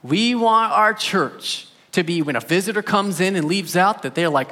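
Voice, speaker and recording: A man's voice: high voice, animated, moderate pace, hardly any pauses, sharp tone, long reverb tail. A man preaching a sermon as pastor, telling stories in a conversational way and rising in emphasis on key points.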